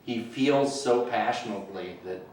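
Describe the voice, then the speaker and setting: A man, an animator, telling a casual anecdote in an easygoing, expressive way, recorded from a distant mic with faint ambience behind. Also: on the low side, moderate pace, very echoey, slight background noise.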